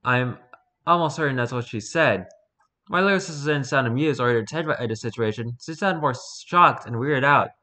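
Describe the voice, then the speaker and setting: A man reads a first-person ghost story aloud in an unpolished, conversational way, often restarting and correcting his words. His voice is bright and forceful, sitting in an ordinary middle pitch. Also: moderate pace. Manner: relaxed, unpolished reading with restarts and self-corrections. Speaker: story reader. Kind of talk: casual reading of spooky stories.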